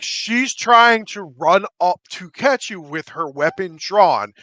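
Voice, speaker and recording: A man's voice: on the high side, pushed and bright, no room sound. A man narrating as game master of a tabletop game, loose and profane. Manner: loose, profane, self-mocking.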